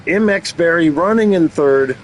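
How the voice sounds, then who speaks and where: A man's voice: on the high side, expressive, normal speed, a little hiss or hum, rough recording. A man giving playful play-by-play commentary on a race, mixing calls with teasing jokes. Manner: jokey, teasing asides between race calls. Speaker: race commentator and channel host.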